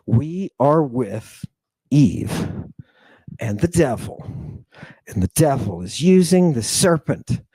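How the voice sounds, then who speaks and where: Slow, emphatic man lecturing. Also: mid-range voice, mellow, no echo. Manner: emphatic, repeats phrases, keeps asking "right?". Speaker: lecturer on ancient texts. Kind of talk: impassioned lecture.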